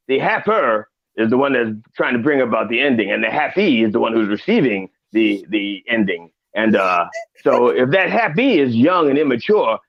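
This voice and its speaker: A man's voice: medium pitch, creaky, no room sound. Man playing a crude reverend, rambling, preachy asides, dry studio sound, dull lo-fi audio. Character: crude older male reverend comedian character. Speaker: comedic guest in character. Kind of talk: improvised comedy in character.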